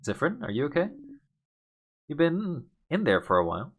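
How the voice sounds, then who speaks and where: A man voicing a calm female researcher. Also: a little high, moderate pace, slight background noise, pitched above the performer's own voice. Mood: concerned. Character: cool, perceptive female researcher in the party.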